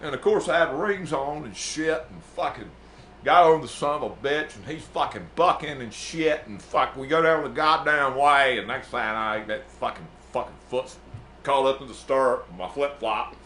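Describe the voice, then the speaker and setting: A man's voice: medium pitch, normal speed, pushed and bright, slight background noise, close to an everyday voice. A man playing a brash, profane music manager, rambling and boasting in an improvised comedy bit. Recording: echoey room.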